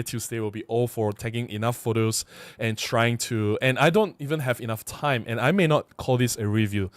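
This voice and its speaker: A man's voice: mid-range voice, no room sound. A man vlogging casually to camera, rambling and repeating himself as he explains. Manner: rambling, repeats words, animated.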